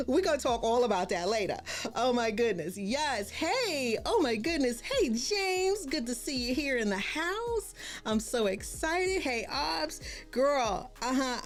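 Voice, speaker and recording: A woman's voice: medium pitch, a little mellow. A woman hosting a casual live stream as a branding coach, bubbly and exclaiming often as she greets viewers by name.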